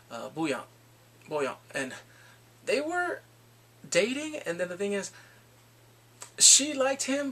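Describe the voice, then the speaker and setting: A man recapping a film in casual chat, animated and full of reactions. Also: on the high side, vocal fry. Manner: animated, reacts with exclamations and gasps. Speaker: movie reviewer.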